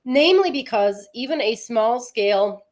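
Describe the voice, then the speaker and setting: A woman's voice: on the high side, animated, moderate pace, a little mellow. A woman co-hosting an astrology livestream in casual, chatty talk, explaining things plainly and greeting viewers.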